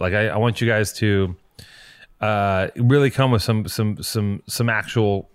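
A man's voice: fairly low pitch, steady tone, a little slow, smooth. A man hosting a podcast in a casual, joking chat, rambling and restarting his sentences, a little underslept. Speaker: podcast host.

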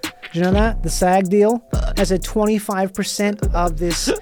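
A man's voice: high-pitched, steady tone, normal speed, darkish tone, faint music behind. A man, a comedian and actor guest on a podcast, riffing sarcastically with a sing-song joking delivery. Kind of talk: casual comedy podcast chat.

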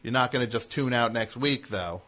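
A man's voice: mid-range voice, sharp tone. A man hosting a call-in radio show, teasing callers and rambling through stories. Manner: teasing, rambling, quick back-and-forth. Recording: radio broadcast.

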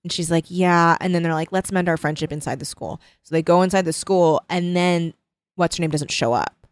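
A woman's voice: fairly low pitch, a little fast, no echo. A woman in casual chat, animatedly retelling a book's plot and acting out the characters' lines. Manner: animated retelling with quoted voices. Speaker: co-host discussing a book.

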